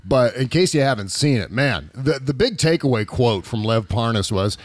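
A man hosting a casual political comedy talk show, wry and animated, piling on exaggerated jokes into a studio mic. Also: mid-range voice, moderate pace, dry recording. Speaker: radio show host.

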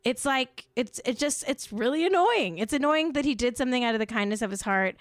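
A woman's voice: high voice, brisk, no echo, clean studio sound. Sarcastic woman ranting as comedy host. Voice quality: deadpan sarcastic, exaggerated. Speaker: podcast host.

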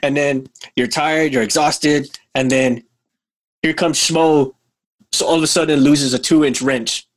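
A man hosting a casual podcast chat, telling work stories in an animated way and laughing often. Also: fairly high pitch, measured pace. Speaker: podcast host.

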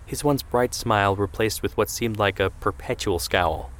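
A man narrating a scripted story in a steady storytelling way. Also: fairly low pitch, moderate pace.

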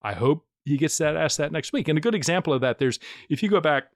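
A man co-hosting a podcast, explaining at length in a measured way with dry humor. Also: a little high, animated, dry recording. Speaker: podcast co-host. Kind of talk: casual explanatory podcast chat.

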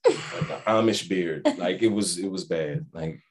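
A playful man in his thirties with a New Orleans accent, talking casually on a podcast. His voice sits very low and deep. He often repeats his partner's lines. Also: unhurried. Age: 30s. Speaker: guest business owner. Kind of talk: casual chat.

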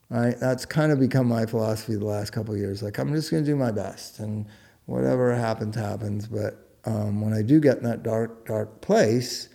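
A man's voice: mid-range voice, vocal fry, mellow. A middle-aged man talking frankly and earnestly in casual conversation, blunt and sometimes swearing. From United States. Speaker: guest speaking about his own life. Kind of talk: candid conversational talk.

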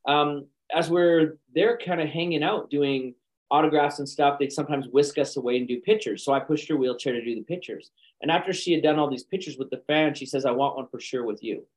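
A man, an actor and speaker, telling lively anecdotes in a podcast interview with frequent chuckles. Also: a little high, fairly quick, rough recording. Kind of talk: conversational storytelling.

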